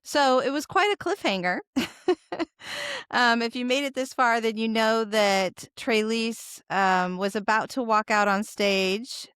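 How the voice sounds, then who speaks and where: A woman podcast host with a bright, smooth, clear voice. She talks to her guest and her listeners in an easygoing, encouraging way, and the sound is dry and close. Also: on the high side, measured pace, hardly any pauses, no room sound. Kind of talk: casual interview and outro.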